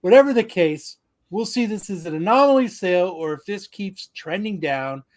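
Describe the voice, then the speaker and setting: A man's voice: sits high, expressive, normal speed. A man co-hosting a podcast, reading out sales notes in a casual, joking way and swearing freely. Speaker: podcast co-host.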